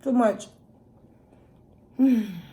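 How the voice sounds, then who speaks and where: Young woman eating on camera, talks real slow, lots of mm's between bites. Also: on the high side. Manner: slow, relaxed, with lots of savoring hums while eating. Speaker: mukbang vlogger. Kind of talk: casual eating vlog chat.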